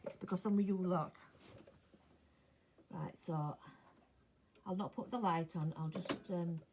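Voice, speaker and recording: An older woman chatting casually as she sews, talking to herself and dropping into soft mutters. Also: on the low side, steady tone, fairly quick. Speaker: sewing vlogger. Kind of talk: casual chat while sewing. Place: home sewing room. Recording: clear sewing machine noise behind.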